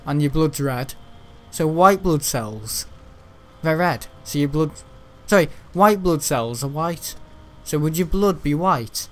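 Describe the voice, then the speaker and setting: A man's voice: fairly high pitch, animated, takes it slowly. A man giving casual, rambling gameplay commentary, joking and laughing often. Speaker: gaming channel host.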